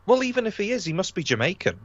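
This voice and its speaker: A man voicing a stubborn middle-aged mother-in-law who insists she is right, in a high put-on voice. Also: sing-song, quick pace, lo-fi sound, a little hiss or hum. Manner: insistent, dismissive.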